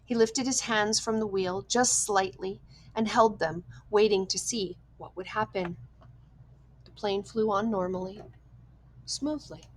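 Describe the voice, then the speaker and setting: A woman narrates a novel as an audiobook in measured, tense storytelling. Her pitch sits in a middle range for a woman. She reads at a steady pace. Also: a little hiss or hum, poor audio. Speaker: audiobook reader. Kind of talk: scripted narration.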